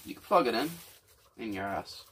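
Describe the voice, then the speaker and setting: A man's voice: lowish voice, lively intonation, moderate pace, a bit bright, slight background noise. A man hosting a casual, crude, joking chat, laughing often and freestyle rapping.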